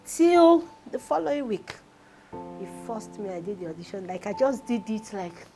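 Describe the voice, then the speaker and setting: Nigerian woman, forties, higher pitched voice, tearful confessional, music underneath. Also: moderate pace, poor audio. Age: 40s. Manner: tearful, pouring out hardship, repeating phrases. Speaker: reality show contestant. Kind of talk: emotional confessional talk.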